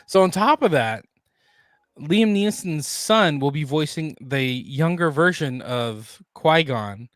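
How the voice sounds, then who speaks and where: A man co-hosting a casual pop culture news podcast, reading out news items and then riffing on them in a relaxed way. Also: fairly high pitch, takes it slowly, dry recording, clean studio sound. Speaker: podcast co-host.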